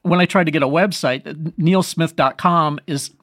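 A man's voice: fairly high pitch, moderate pace, a bit bright, dry recording, clean studio sound. A man, a saxophonist guest, telling rambling, self-deprecating stories and chuckling often. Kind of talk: anecdotal storytelling in conversation.

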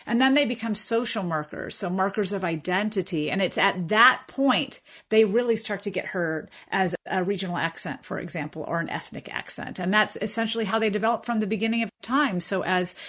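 A linguistics professor, a woman, discusses speech differences on the radio with a measured, reflective delivery marked by frequent fillers and restarts. She speaks in a mid-range voice with a fairly bright tone.

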